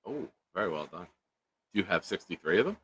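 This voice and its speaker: Bright-voiced joking male show host. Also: low-pitched, sing-song, quick pace, breathy edge. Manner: joking, rambling, reads chat aloud. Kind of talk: casual live-stream sports chat.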